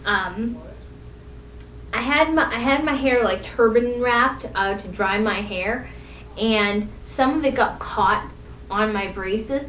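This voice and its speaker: A woman's voice: takes it slowly, fairly bright tone. A young woman telling rambling, self-deprecating stories from her own life in a casual vlog. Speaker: vlogger. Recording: echoey room, distant mic, faint rumble.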